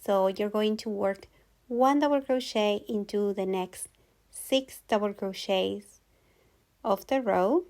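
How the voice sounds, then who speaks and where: A woman giving a calm, patient step-by-step crochet tutorial voice-over, repeating each step clearly. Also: medium pitch, slow. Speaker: crochet instructor.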